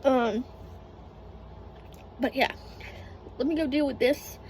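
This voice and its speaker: High-pitched woman rambling slowly in her rv, bit of vocal fry, faint hiss behind. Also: darkish tone, rough recording. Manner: rambling, lots of ums and trailing thoughts. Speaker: vlogger. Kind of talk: casual vlog chat. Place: indoors in an RV.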